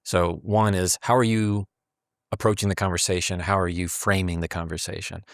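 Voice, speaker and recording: A man's voice: sits low, flat delivery, normal speed, no echo, studio quality. A man in casual conversation who explains communication habits and acts out quoted dialogue as he goes.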